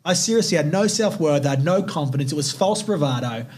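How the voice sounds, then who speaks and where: A man's voice: on the high side, animated, fast, darkish tone, a little hiss or hum. A young man hosting a podcast, telling personal stories in a blunt, intense and heavily profane way. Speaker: podcast host. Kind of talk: casual podcast storytelling.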